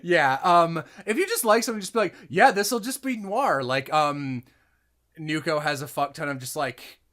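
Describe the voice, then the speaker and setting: A man's voice: fairly high pitch, animated, moderate pace, bright, forceful tone. A man co-hosting a casual writing podcast, loose and swearing freely as he chats. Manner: loose, swears freely, laughs into put-on voices. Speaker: podcast co-host. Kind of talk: casual chat.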